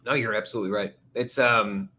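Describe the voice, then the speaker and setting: A man's voice: on the low side, a little fast, a little hiss or hum. A man hosting a casual live stream, joking around and slipping into silly voices. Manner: jokey, animated, slips into silly voices. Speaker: livestream host.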